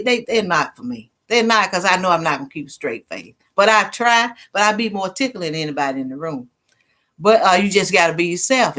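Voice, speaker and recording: With a fairly bright, mid-range voice and a drawl, a middle-aged woman hosts a loose livestream. It's a casual chat where she laughs easily and reads viewer comments out loud.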